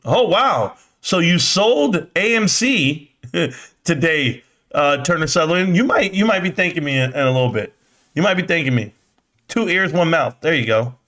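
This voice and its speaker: A young man rants through a live stock stream, his voice sitting a bit higher than most men's. He swears, vents in disbelief and jumps way up in pitch when he gets worked up, then drops back to mutter at the chat. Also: fairly bright tone. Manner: exasperated ranting, swearing, voice jumping up in disbelief. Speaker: livestream host.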